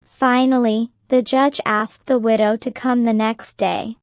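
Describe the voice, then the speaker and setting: Slow, clear woman reading a story. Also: on the high side, fairly even intonation, dry recording, studio quality. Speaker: narrator. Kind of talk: slow graded-reader story narration.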